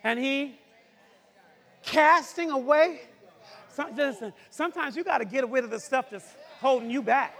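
High gravelly preacher, shouting and hushed. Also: male voice, measured pace. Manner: shouting, cries out, swings from loud to hushed. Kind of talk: sermon. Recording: long hall reverb.

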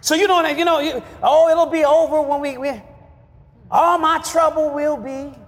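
A man's voice: very high voice, steady tone, normal speed, a little hiss or hum. Preaching man in a reverberant hall. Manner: call-and-response preaching, shouting refrains. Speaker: pastor. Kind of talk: sermon.

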